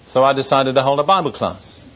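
Older preacher telling a wry war story. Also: male voice, medium pitch, animated, fairly quick, a bit bright. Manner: storytelling, dry humor, earnest warnings. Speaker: pastor. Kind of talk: sermon testimony. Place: church service before an audience. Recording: dull lo-fi recording.

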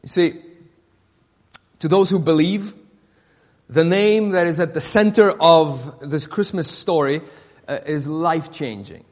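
High-voiced man preaching in a reverberant hall. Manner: halting, repeats words, many fillers. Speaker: pastor. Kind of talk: sermon.

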